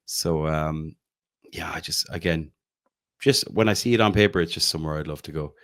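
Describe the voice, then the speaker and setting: Co-hosting a casual football podcast, an Irishman from County Galway speaks in a bass voice at a normal speed with a fairly bright tone. He's enthusiastic and rambling, frequently restarting sentences and correcting himself.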